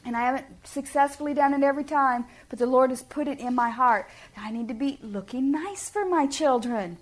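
A woman's voice: high voice, brisk. Earnest middle-aged woman preaching to parents. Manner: earnest, homey, asks the audience questions. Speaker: speaker at a family ministry talk. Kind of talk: sermon-style talk to parents.

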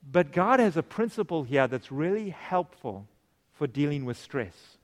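A man's voice: fairly high pitch, a little slow. A man preaching a sermon, questioning the congregation and acting out the voices of the people in his stories. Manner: animated, acts out quoted voices, asks the congregation questions. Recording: long hall reverb.

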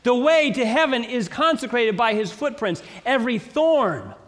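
Guy preaching w a high voice, slow dramatic build-ups, big echoey church hall. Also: expressive, a bit bright. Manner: preaching with dramatic swells and slow emphatic pauses. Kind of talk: sermon.

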